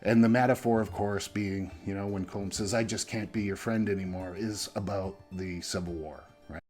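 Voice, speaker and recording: This movie reviewer has a lowish, steady, somewhat mellow voice and talks at a moderate pace over soft background music. He discusses films casually and conversationally, often checking in with "right?" and "you know."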